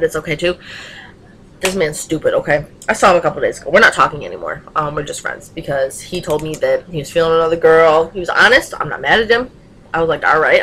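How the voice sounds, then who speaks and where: A young woman with a fairly low voice rants casually into her webcam. She talks with emphatic passion and fires off rhetorical questions. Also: a bit bright, slight background noise, poor audio. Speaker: vlogger.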